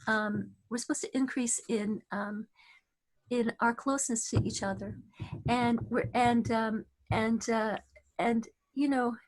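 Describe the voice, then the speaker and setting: A middle-aged woman giving a spoken Torah talk, telling personal stories earnestly with frequent restarts and halting phrases. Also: high voice. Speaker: religious teacher.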